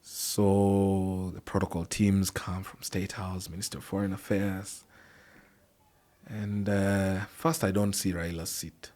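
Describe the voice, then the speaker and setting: A middle-aged Kenyan man with a somewhat low voice spins a long anecdote as a podcast guest. He tells it with animation and drops Swahili phrases into his English. His delivery stays relaxed and chatty. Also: slow. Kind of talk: storytelling in casual chat.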